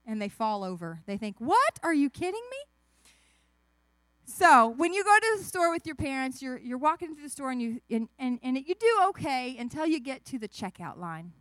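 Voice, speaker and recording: Animated woman telling kids a story. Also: on the high side, dry recording. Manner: animated, asks the kids questions, acts out voices. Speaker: children's message speaker. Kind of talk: children's sermon storytelling.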